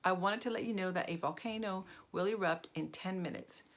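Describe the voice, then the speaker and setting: A woman's voice: medium pitch, brisk, lightly acted. Polite young schoolboy, read by a woman. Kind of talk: storybook read-aloud.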